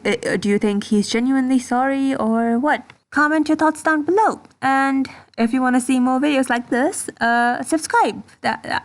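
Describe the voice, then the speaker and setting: Brief: female YouTuber, angry profane rant, voice sits a bit high. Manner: heated, indignant, heavy swearing. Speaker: commentary YouTuber. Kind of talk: ranting commentary vlog.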